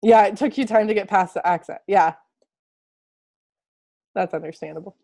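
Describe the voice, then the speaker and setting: A woman's voice: medium pitch, moderate pace, creaky, warm tone. A woman coaching an online group in a casual motivational talk, earnest and encouraging, repeating phrases for emphasis, then chatting loosely with fillers over a video call. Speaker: fitness and life coach.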